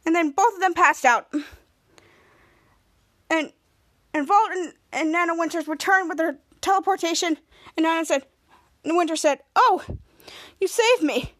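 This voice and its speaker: A woman hosting a podcast, casually recapping a TV episode in a halting way with frequent restarts. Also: very high voice, fairly bright tone, dry recording. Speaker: podcast host.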